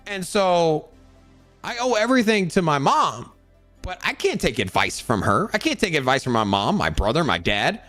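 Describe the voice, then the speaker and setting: A man rants about work and money in a casual motivational style, his voice a touch high and swinging widely in pitch. He trips over repeated words and slips into other people's voices along the way. A faint bed of music plays under the close, dry sound. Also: moderate pace, no room sound. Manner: animated, repeats words, acts out quoted voices. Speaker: crypto channel host.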